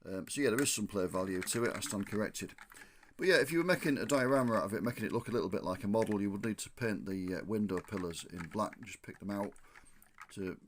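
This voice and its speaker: A man reviewing a model coach, thinking aloud with frequent ums and restarts, slightly hoarse from losing his voice. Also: on the low side, fast, slight background noise. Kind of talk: casual hands-on product review.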